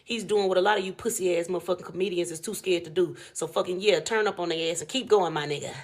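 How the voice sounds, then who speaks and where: An American woman with a slightly low voice delivers blunt, emphatic commentary, swearing heavily as she goes. Her speech is forceful and direct. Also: fairly even intonation, fast. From United States. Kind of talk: ranting commentary.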